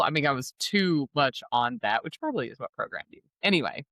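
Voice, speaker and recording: A middle-aged woman with a bright, sharp-edged voice co-hosts a casual podcast. She talks very expressively, her pitch swinging widely as she acts out the people she quotes. The sound is dry and close. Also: animated, a little fast, dry recording. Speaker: podcast co-host and coach. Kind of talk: casual conversational chat.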